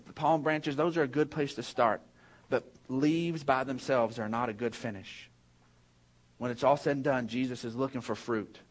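A pastor preaching in a mid-range voice tells the congregation a funny story from his own life, then moves on to make an earnest point.

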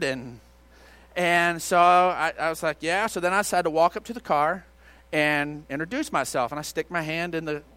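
Animated pastor telling a story. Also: male voice, high-pitched. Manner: animated, swings from loud outbursts to hushed retelling. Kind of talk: sermon storytelling. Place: church auditorium.

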